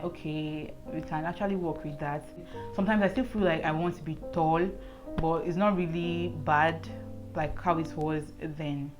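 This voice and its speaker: A young woman vlogging to camera in her own room, chatting earnestly and saying "like" a lot. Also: on the low side. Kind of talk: casual chat to camera. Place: indoors at home, lit by a ring light.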